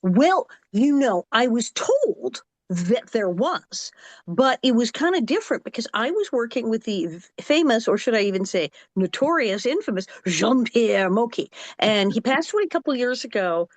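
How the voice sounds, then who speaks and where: A woman in her sixties tells animated stories as an actress guest, jumping into other people's voices as she goes. Her voice sits fairly high, and the recording is dry and close, with no room around it. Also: normal speed, no echo. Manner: animated storyteller who acts out quotes. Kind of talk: casual interview anecdote.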